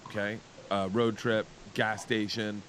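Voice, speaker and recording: A comedian on a podcast, talking in casual banter with animated, incredulous storytelling. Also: male voice, on the low side, unhurried, a little hiss or hum.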